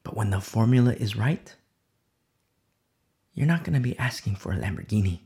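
A woman's voice: extremely low pitch, animated, normal speed, mellow. A woman pastor delivering a sermon emphatically, repeating key phrases and dropping to near-whispers.

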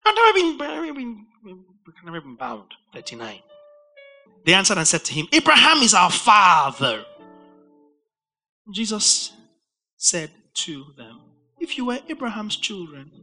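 A man preaching a verse-by-verse Bible study sermon, animated and rising to near-shouts for emphasis. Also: high-pitched, moderate pace, pauses often, faint music behind.

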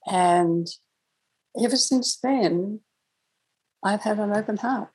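A woman's voice: medium pitch, slow pace, a little mellow, husky, poor audio. A woman guest on a podcast telling a personal story in a reflective, conversational way, laughing now and then. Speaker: guest, angel communicator.

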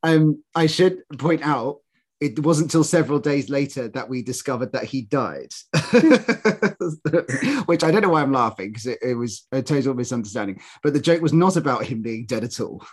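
British man co-hosting a chat podcast, halting and chatty, mid-pitched. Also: slightly rough. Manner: chatty, halting, laughs at his own jokes. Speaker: podcast co-host. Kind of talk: casual chat.

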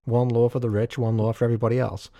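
A man's voice: mid-range voice, flat delivery, quick pace, warm tone, no room sound. Blunt, swearing podcast co-host, man. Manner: blunt, profane, laughs often. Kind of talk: casual chat.

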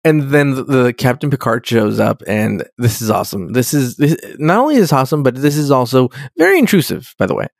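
A man at ordinary pitch casually recapping a TV episode in a rambling, profane way, dropping "dude" at almost every turn. His voice sounds dry and close. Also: big pitch swings, brisk, gravelly, hardly any pauses, no echo. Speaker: podcast co-host.

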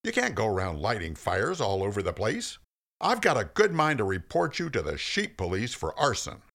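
A man voicing Moses as a flustered, indignant shepherd in a comic story reading, squeaking his protests. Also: huge pitch swings, normal speed, vocal fry, a bit bright, heavily acted.

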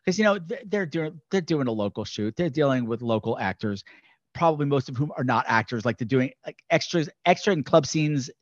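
A man hosting a podcast, chatting casually and animatedly about a horror film, breaking into loud impressions as he tells stories. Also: medium pitch, expressive, a little fast, dry recording. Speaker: podcast host. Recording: dry, dull lo-fi sound.

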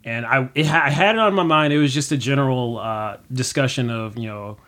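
Fairly quick and sharp-toned, a young man with a mid-range voice chats casually as a guest, meandering through anecdotes. He leans heavily on fillers like "like" and "uh" and performs the lines he once said.

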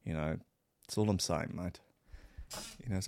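A man hosting a radio show alone, rambling in a sardonic, sweary way, swinging from loud asides to mutters. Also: sits low, moderate pace, no echo, clean studio sound. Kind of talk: rambling solo radio banter.

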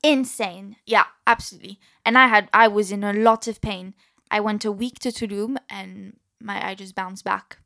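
A woman's voice: medium pitch, steady tone, normal speed, gravelly, bright, forceful tone. A woman with an odd French-American accent, chatting as a guest and giggling easily. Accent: slightly odd French-American mix. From France. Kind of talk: casual chat.

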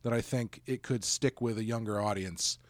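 A man's voice: on the low side, fairly even intonation, moderate pace, no room sound, studio quality. A man hosting a podcast in casual chat, rambling with restarts and laughing often. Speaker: podcast co-host.

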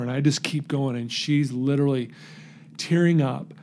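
A man telling his recovery story in an interview, earnest and animated, acting out the voices in his story. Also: medium pitch, moderate pace.

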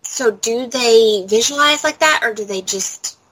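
A woman's voice: on the high side, a little slow, a bit bright, husky, poor audio. A woman co-hosting a podcast in casual chat, rambling along with constant "like" fillers. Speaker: podcast co-host.

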